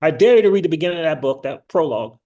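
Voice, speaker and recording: Male channel host, casual and rambling, animated with frequent laughs and sudden excited rises in pitch. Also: rapid-fire. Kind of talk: casual livestream commentary.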